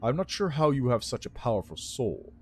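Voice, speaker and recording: Man voicing an ancient lich, dry, rasping, condescending, lecturing, very old, game music behind. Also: on the low side, very animated, moderate pace, voice pushed down. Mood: cold, bitter. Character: ancient male lich, imperious scolding teacher.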